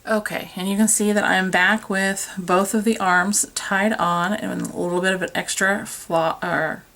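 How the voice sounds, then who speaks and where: A woman at medium pitch walks through a craft demonstration at a measured pace, her intonation fairly even and her tone a bit bright. Chatty and self-deprecating, she talks as her hands work, recorded by a tripod-mounted camera.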